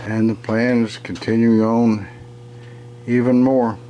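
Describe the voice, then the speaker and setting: A plain-spoken man narrates his metalworking project in a home workshop. He talks slowly at a middle pitch. A loud machine hum fills the background. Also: level tone. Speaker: hobby metalworker.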